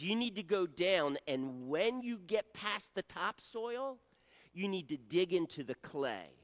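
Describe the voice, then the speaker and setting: A middle-aged man telling a story in a sermon, folksy and joking. His voice is high and very lively, swooping up and down as he teases the congregation.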